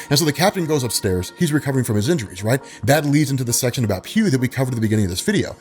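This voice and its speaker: A young man retelling a story in a casual, animated, slangy way with lots of fillers. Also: medium pitch, racing, few pauses, faint music behind. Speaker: vlogger.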